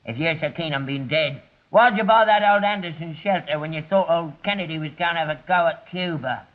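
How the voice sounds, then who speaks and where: A man's voice: a little high, brisk, lightly acted. A man playing a crafty old London rag-and-bone dad. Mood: mocking. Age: older. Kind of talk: 1960s sitcom acting. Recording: dull old television audio.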